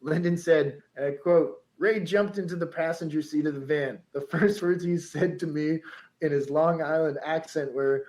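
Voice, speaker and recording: A man's voice: fairly high pitch, steady tone, moderate pace, darkish tone, poor audio. A man co-hosting a podcast, telling a story in a chatty way, laughing often and reading quotes aloud.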